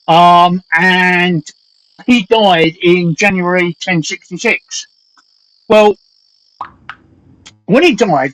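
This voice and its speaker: A man hosting a live stream in casual chat, rambling and hesitant, reading aloud with many pauses. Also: sits high, a bit bright, low-quality recording. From London.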